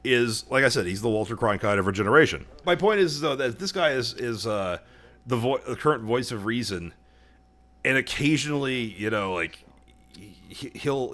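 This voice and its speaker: A man's voice: on the low side, fairly bright tone. A man co-hosting a podcast in casual chat, rambling through his points and swearing freely. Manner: rambling, restarts often. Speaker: podcast co-host.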